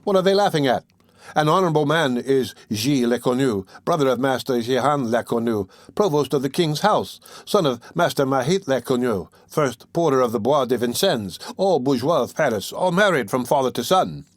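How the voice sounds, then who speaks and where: A man's voice: mid-range voice, lively intonation, moderate pace, no echo, natural voice. A man voicing a mischievous young male student, mocking and teasing in a raised voice.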